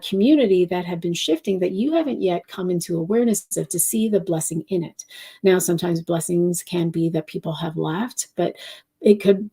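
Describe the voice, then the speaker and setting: A woman giving an intuitive live-stream reading, speaking softly and directly to viewers, wandering between thoughts. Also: fairly low pitch. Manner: reads out viewer questions. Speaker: intuitive reader and channeler.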